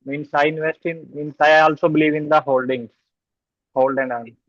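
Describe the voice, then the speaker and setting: A man's voice: on the high side, fairly even intonation, moderate pace, no room sound. Indian English man on a tinny line. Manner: informal, broken English with Hindi fillers. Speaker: student. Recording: tinny, dry phone-like audio.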